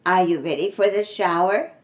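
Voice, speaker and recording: A proper lady of the house gives orders in a firm, commanding storybook voice, read aloud by an older woman. She sounds bossy, and she clearly expects to be obeyed. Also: on the low side, moderate pace, muffled recording, close to an everyday voice.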